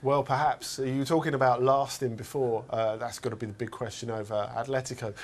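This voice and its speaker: A man's voice: mid-range voice, flat delivery, a little fast. A man discussing football in a casual studio chat, talking hesitantly and often repeating his words as he thinks. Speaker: football pundit.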